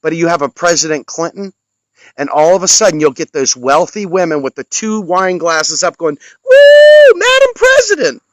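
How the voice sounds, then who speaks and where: A man's voice: on the high side, normal speed, no room sound, low-quality recording. A man delivering an impassioned political rant, angry, sarcastic and scolding toward his listeners. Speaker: political commentator.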